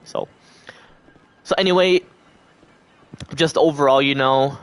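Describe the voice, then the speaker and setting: Speaking slowly in a mid-range voice that's a bit bright, clear and resonant, a man livestreams to his chat in a dry recording. He rambles casually in a stream-of-thought manner, acting out other people's lines.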